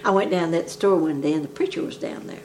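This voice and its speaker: A woman's voice: deep voice, quick pace, darkish tone, slight background noise. Older woman telling folk jokes. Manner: folksy rambling dialect storytelling. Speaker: storyteller.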